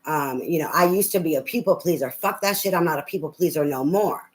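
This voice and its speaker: A woman's voice: deep voice, fairly quick, hardly any pauses, darkish tone, poor audio. Profane, ranting woman tarot reader. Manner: rambling, many fillers. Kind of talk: live tarot reading with viewer chat.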